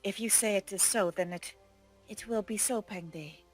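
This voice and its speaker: A player voicing a young female warrior who speaks in soft, halting, formal sentences. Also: mid-range voice, faint music behind, pitched above the performer's own voice, natural voice. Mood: brave.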